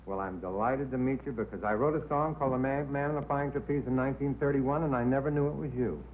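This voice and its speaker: A man's voice: mid-range voice, quick pace. A man hosting a comedy quiz show, joking and chatting with contestants. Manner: wisecracking, chatty. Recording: tinny old broadcast audio, faint hiss.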